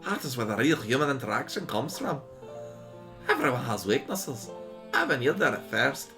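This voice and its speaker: An earnest game character with a put-on Scottish accent, read out by a man, preaching a heartfelt speech. The lilting pitch rises and falls freely. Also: big pitch swings, moderate pace, music in the background.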